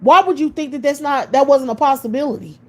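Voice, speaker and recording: Scornful woman ranting, higher voice. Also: quick pace, a little mellow. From United States. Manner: scornful, repetitive rhetorical questions, heavy swearing. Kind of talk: profane ranting monologue.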